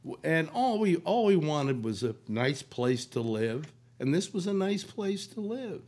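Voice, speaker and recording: An older man hosting a talk show, hoarse with a cold, rambling in casual talk with many restarts. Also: a little high, big pitch swings, a little slow, a little mellow. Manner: rambling, full of restarts and "you know". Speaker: radio talk host.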